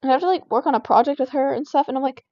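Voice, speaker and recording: Playing a game, a high-pitched teenage girl who vlogs about gaming rattles off an exasperated rant at a very fast clip, stuffing it with "like." The audio has no room sound and feels dry and a little dull, as from a cheap home mic.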